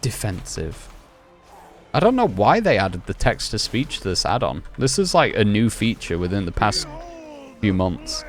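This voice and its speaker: A man with a deep, low voice gives easygoing gameplay commentary, musing and second-guessing himself out loud. Soft music plays quietly underneath. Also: big pitch swings, normal speed. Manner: rambling, self-questioning, chatty. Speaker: gaming streamer.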